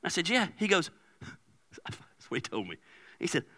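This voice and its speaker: A man's voice: fairly high pitch, huge pitch swings, a little slow, pushed and bright. A male pastor preaching in a loose, conversational way, telling stories and acting out the dialogue. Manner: conversational storytelling with laughs and quoted dialogue. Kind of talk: sermon.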